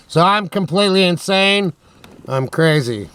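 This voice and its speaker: Man, unhurried, clean clear tone, joking late-night van monologue, camera on a tripod. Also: mid-range voice, a bit bright. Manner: rambling, joking, talks to himself. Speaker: vlogger hosting a mock radio show. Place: inside a parked van at night.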